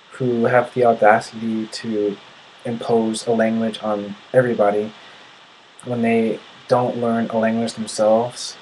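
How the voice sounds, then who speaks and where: A man's voice: mid-range voice, darkish tone, a little hiss or hum, low-quality recording. A young man from the United States venting in a casual video. He sounds indignant and often restarts his sentences. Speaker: vlogger.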